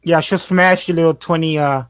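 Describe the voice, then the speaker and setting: This man has a voice pitched a little high for a man. He jokes around in an easy, laid-back way during casual chat. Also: fairly even intonation, moderate pace.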